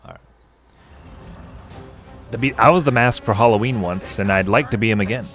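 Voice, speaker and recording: A man's voice: lowish voice, normal speed, fairly bright tone. Chatty young man streaming a game. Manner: rambling, chatty asides. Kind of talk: casual gameplay commentary. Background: game music.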